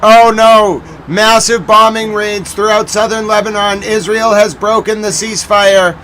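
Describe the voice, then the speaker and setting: A man's voice: sits high, little pitch movement, moderate pace, bright, forceful tone, slight background noise, poor audio. A man hosting a live news recap stream, urgently repeating breaking updates and exclaiming in alarm.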